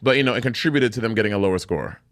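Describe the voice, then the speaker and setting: A man's voice: on the low side, racing. A man co-hosting a casual chat, talking in a playful, sassy way. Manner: expressive, playful sass. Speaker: podcast co-host.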